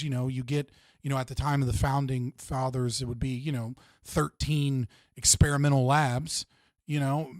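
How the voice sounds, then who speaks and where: A young man hosting a livestream, talking casually about politics, swearing freely and telling stories with lively energy over a video call. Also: mid-range voice, no room sound, studio quality. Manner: animated storyteller, swears freely, does excited voices in anecdotes. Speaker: livestream host.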